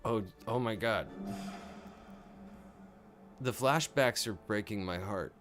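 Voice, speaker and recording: Man, deep voice, tired late-night host, excitable fan, live reaction commentary. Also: takes it slowly, music in the background. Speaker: show host.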